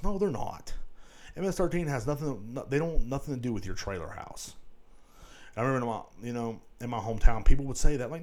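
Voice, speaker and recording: A man's voice: medium pitch, expressive, rapid-fire, a little mellow. A man hosting a solo podcast, rambling casually with lots of swearing and filler phrases. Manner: rambling and profane, full of "you know what I'm saying". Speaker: podcast host.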